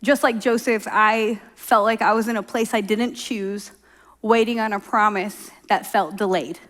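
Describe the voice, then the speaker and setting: A woman's voice: medium pitch, steady tone, measured pace, fairly bright tone. A middle-aged woman from Oklahoma preaching a sermon in a conversational, storytelling way, acting out quoted voices. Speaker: pastor.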